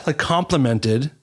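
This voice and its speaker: A man in his thirties co-hosting a podcast, telling stories in casual chat, expressive and swearing freely. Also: medium pitch. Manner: expressive, swearing, laughing storyteller. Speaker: podcast co-host.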